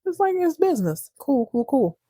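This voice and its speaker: A woman's voice: high-pitched, big pitch swings, moderate pace, mellow, no echo, voice pushed up. A woman voicing a bitter, scheming businessman who mocks his rival sarcastically. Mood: mocking.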